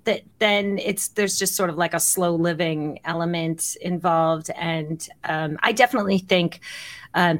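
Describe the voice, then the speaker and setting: A woman hosting a podcast interview, talking in a friendly, rambling way with many ums and small laughs. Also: on the low side. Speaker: podcast host.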